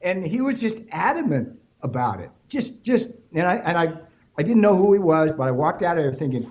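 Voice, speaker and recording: A man's voice: a little high, sing-song, fairly quick, darkish tone, highs cut off. A man as a guest on a talk radio show, telling stories emphatically and with animation.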